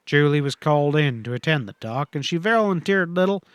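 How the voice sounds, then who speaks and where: A man narrates a western audiobook with a steady, measured delivery. His voice sits a little high for a man. It is recorded close and dry, with no room sound. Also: smooth, no echo.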